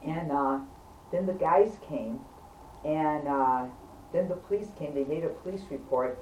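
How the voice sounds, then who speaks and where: A woman telling a casual story to friends in an animated, emphatic way, often checking in with her listeners. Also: sits low, a little slow. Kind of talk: casual anecdote. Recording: roomy, distant, faint background hum.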